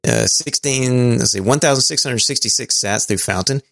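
A man's voice: medium pitch, moderate pace, vocal fry, a bit bright, no room sound, clean studio sound. A man co-hosting a podcast, reading out listener messages in a casual, stumbling way with small chuckles. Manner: stumbling, chuckling, thinking aloud. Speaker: podcast co-host.

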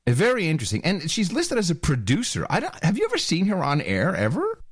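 A male talk show host in sarcastic, laughing commentary, his pitch swooping up and down as he mocks what he's just heard. The sound is dry and close, with no room around it. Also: wildly swooping pitch, husky, no room sound. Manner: sarcastic, laughing, quick asides. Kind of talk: casual mocking commentary.

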